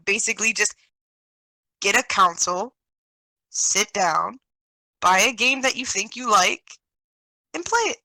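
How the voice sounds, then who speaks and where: A woman's voice: a little high, pushed and bright, dry recording, poor audio. A woman from Germany, a podcast guest in casual chat, talking bluntly and rambling with many restarts.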